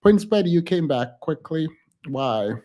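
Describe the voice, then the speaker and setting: A man hosting a casual livestream chat, teasing his guests in quick playful banter. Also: fairly high pitch, very animated, mellow. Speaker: livestream host.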